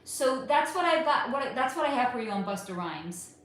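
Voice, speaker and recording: Woman, livestream host, casual Q&A, emphatic, swooping lively pitch, very echoey room. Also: moderate pace. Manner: animated, emphatic, talks straight to viewers. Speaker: livestream host reading viewer questions.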